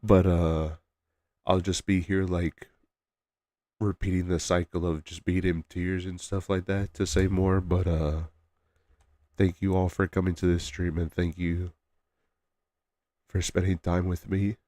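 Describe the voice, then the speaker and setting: A male streamer chatting casually on a live stream, soft-spoken and halting, trailing off between phrases. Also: deep voice, flat delivery, no room sound.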